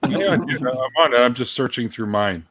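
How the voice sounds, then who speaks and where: A man's voice: mid-range voice, animated, moderate pace, crowd noise. A man hosting a casual livestream chat, loose and swearing now and then. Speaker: host.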